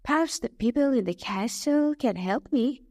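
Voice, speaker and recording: A woman's voice: fairly high pitch, lively intonation, normal speed, a little mellow, no room sound, studio quality. A woman voicing a frightened, pleading old father in a storybook. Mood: wondering.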